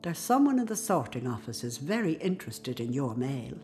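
A woman's voice: extremely low pitch, brisk, soft background music. An older woman with an Irish accent narrating and playing a devoted, outspoken old nanny in a radio drama. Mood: reflective. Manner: storytelling narration with lively, emphatic speech. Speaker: narrator and character.

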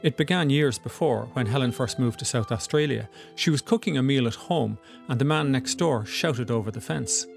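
A man reads documentary narration in a steady, scripted manner, with a gravelly edge to his voice. Faint instrumental music plays beneath him. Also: medium pitch, moderate pace, few pauses.

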